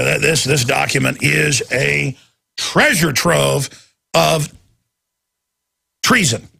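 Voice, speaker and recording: A man's voice: on the high side, slow, creaky, long pauses, pushed and bright, slightly rough. A man hosting a talk radio show, delivering an intense, emphatic, ranting monologue into a studio microphone.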